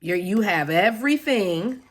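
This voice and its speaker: A woman's voice: mid-range voice, animated, unhurried. A woman who reads tarot, unboxing a deck in a casual vlog, gushing and effusive as she talks straight to her viewers. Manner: gushing and effusive, with soft exclamations; talks directly to viewers, calling them guys and baby. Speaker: tarot reader and spiritual vlogger.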